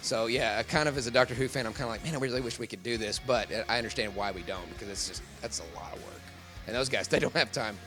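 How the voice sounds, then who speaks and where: A man's voice: lowish voice, quick pace, over music. A man who works as a professional voice actor, talking in a casual convention interview, rambling and laughing often.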